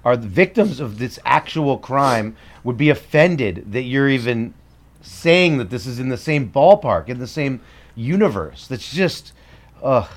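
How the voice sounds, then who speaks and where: Podcast co-host guy, mid-pitch voice, blunt and dismissive, casual chat. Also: expressive, unhurried.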